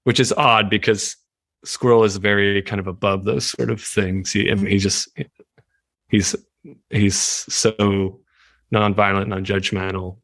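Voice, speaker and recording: A man chats as an interview guest, animated and quick to laugh. His voice sits a little low, and it is recorded dry and close. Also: dry recording. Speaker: writer, guest. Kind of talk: casual chat.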